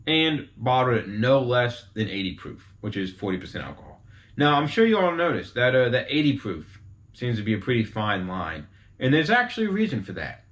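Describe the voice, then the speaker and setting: A man talking casually to his viewers in a mid-pitched voice. He explains things in a loose, chatty way and keeps turning to the audience with quick asides. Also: a bit bright. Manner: chatty, informal, talks straight to viewers with asides. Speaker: host explaining whiskey types.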